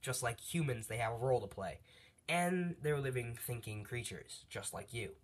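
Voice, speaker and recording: A man's voice: medium pitch, animated, moderate pace, natural voice. A man voicing a stern older brother angel who lectures firmly, in a casually retold fan story. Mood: explaining. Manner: firm, lecturing.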